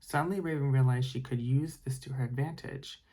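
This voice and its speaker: A man's voice: medium pitch, a little fast, dark tone, slightly rough, low-quality recording. A man reading a storybook aloud for ASMR bedtime listening, with chatty, rambling asides. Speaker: storybook reader.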